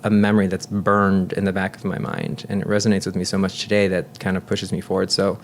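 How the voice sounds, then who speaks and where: A man in his thirties, a nurse and guest, telling personal stories in an earnest, talkative way and dropping soft and low when he reflects. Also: monotone, fast talker, a little hiss or hum. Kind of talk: casual chat.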